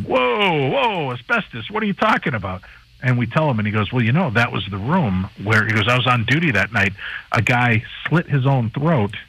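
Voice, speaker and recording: A man on a radio talk show, telling a paranormal anecdote in a lively, casual way and acting out the people in it. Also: medium pitch, husky, rough recording. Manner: animated anecdote teller, acts out the people in his story. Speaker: paranormal TV host and guest. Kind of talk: casual storytelling chat.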